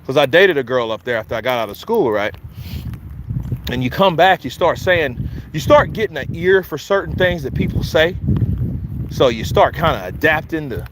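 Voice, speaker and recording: A man's voice: fairly high pitch, expressive, normal speed, noisy background. A man with a Philadelphia accent hosting casual boxing commentary, loose and joking, hyping things up with repeated chants. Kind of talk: casual live-stream chat.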